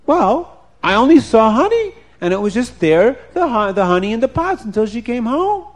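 A man's voice: extremely high pitch, very animated, normal speed, pitched above the performer's own voice. A man voicing a sly male thief who protests his innocence in a raised, wheedling voice. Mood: protesting innocence.

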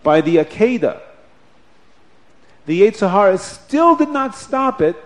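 A man telling a religious story to children in an animated, expressive way. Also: high voice, a little slow.

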